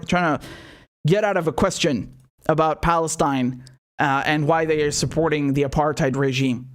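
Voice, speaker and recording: A man reacting to political clips with profane, incredulous and mocking commentary. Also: on the high side. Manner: incredulous and mocking, swears often.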